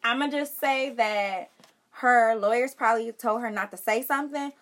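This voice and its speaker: Blunt bright-voiced young woman. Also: fairly high pitch, normal speed. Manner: blunt, provocative. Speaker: co-host of a live stream. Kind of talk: casual live-stream chat.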